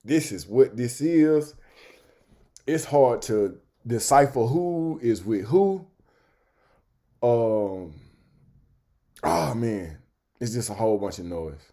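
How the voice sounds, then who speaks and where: A man's voice: medium pitch, lively intonation, slow pace, pauses often, mellow. A man reacting to a video clip with laid-back commentary, drawn out and full of dry asides.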